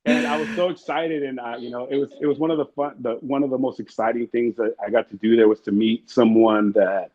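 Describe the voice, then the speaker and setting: A husky-voiced man rattles through his stories at a quick clip, rambling and swearing as he acts out the people in them. The sound is a bit muffled and lo-fi, like a modest interview recording. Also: medium pitch, fairly even intonation, a little mellow. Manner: rambling, profane, acts out quotes. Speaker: interview guest. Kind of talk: casual storytelling.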